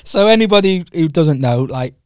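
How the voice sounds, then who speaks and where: A man's voice: a little high, lively intonation, moderate pace, clean tone, no room sound, clean studio sound. A young Welsh man co-hosting a podcast, telling rambling stories in a casual chat and laughing often. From Wales. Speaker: podcast co-host.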